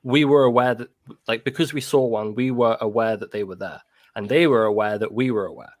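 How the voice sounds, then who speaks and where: A man recounting a personal encounter in casual conversation, halting and full of restarts and "like". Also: lowish voice, no echo.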